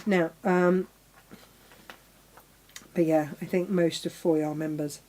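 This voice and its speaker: A woman's voice: fairly low pitch, steady tone, slow pace, darkish tone. A middle-aged woman hosting a live sewing demonstration, chatting casually, talking to her tools and exclaiming as she goes. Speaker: crafting show host.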